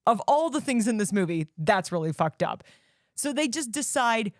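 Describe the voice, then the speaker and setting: A woman co-hosting a podcast, chatting casually about a movie, animated and quick to laugh and swear. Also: on the high side, dry recording, studio quality. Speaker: podcast co-host. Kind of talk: casual chat.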